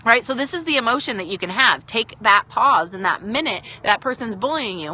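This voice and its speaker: A woman's voice: on the high side, lively intonation, fairly quick, few pauses, pushed and bright, slightly rough. A woman hosting a casual live stream from home, talking through her thoughts with lots of fillers and greeting viewers as they join.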